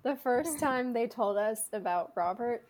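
A woman's voice: fairly high pitch, animated, unhurried, crowd noise. Gushing woman podcast guest. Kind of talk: casual chat.

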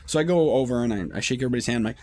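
A man's voice: mid-range voice, rapid-fire, darkish tone. A man hosting a podcast, telling a rambling, profane story in casual monologue with many restarts. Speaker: podcast host.

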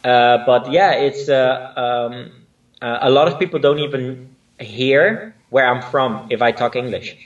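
A man's voice: mid-range voice, measured pace, far from the mic, lo-fi sound. A man born in Spain who speaks with a mixed Spanish and Dutch accent, a choreographer chatting as a guest, often searching for words with fillers. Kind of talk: casual interview chat.

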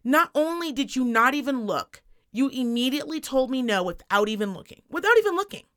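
A woman in her thirties co-hosting a casual podcast, telling a story in an animated, profane rant. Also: on the high side, fairly quick, clear, resonant tone. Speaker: podcast co-host. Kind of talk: casual chat.

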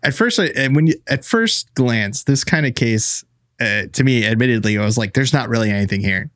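A man's voice: mid-range voice, normal speed, a bit bright, dry recording, clean studio sound. A man co-hosting a podcast in casual chat over a remote call, hesitant and trailing off with many fillers. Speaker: podcast co-host.

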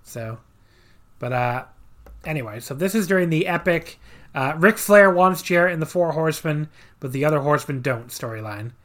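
A man's voice: on the high side, animated, normal speed, a bit bright. A man co-hosting a podcast, casually recapping a wrestling match with dry sarcasm and many fillers.

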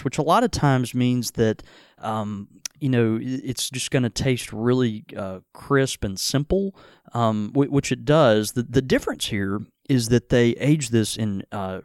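A man hosting a casual whiskey tasting chat, talking in halting bits with many restarts and fillers. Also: medium pitch, no echo, clean studio sound. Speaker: whiskey show host. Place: Mississippi.

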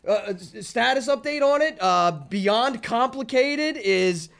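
A man's voice: very high-pitched, animated, measured pace, vocal fry, a bit bright, clean tone. A man hosting a sports podcast, talking emphatically, repeating himself and teasing rivals in a mock-sweet tone. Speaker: podcast host. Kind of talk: sports talk podcast rant.

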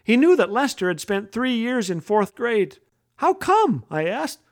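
A man's voice: high-pitched, animated, moderate pace. A middle-aged man hosting a radio show, telling a humorous story with wry, self-deprecating jokes.

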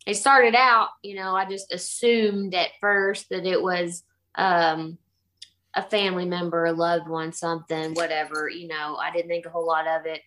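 A middle-aged woman telling a ghost story casually in an animated way, acting out the voices she quotes. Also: on the low side, moderate pace. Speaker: guest telling a haunting story.

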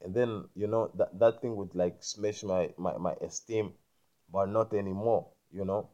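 A man rambling through a spiritual monologue, repeating himself and often checking that the listener understands, growing loud and emphatic when indignant. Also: on the low side, steady tone, moderate pace, muffled recording. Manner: repetitive, keeps asking "you understand me?".

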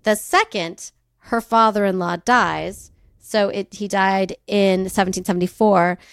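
A woman's voice: medium pitch, fairly even intonation, unhurried, gravelly, clean tone, no echo, studio quality. A woman from California co-hosting a podcast, telling a history story in casual chat, laughing often and acting out quoted voices. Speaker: podcast co-host.

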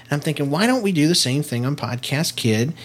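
A man's voice: a little high, animated, fairly quick. A middle-aged man co-hosting a casual family podcast with his daughter, chatty and playful, laughing often and filling gaps with ums and restarts.

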